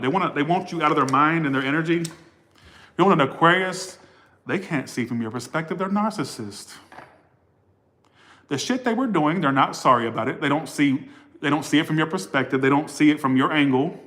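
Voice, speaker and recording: Speaking briskly in a fairly high, slightly bright voice, this tarot reader runs through all the signs in a casual reading. He swears freely, doesn't mince words, and keeps losing his thread and wandering off topic.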